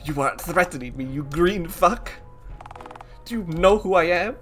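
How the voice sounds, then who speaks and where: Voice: medium pitch, lively intonation, unhurried, a bit bright, faint music behind. A streamer voicing a grumpy male French tech repairman in a clumsy mock-French manner, reading a game aloud. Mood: furious.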